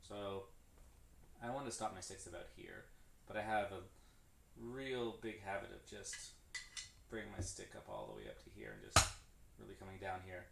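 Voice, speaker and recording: A man's voice: on the low side, animated, moderate pace, pauses often. A man explaining drum stickings in a loose, rambling way as he practices on a stream, correcting himself and counting hands aloud. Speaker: drummer streaming his practice. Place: room with a drum kit. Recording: echoey room, distant mic, clear background noise.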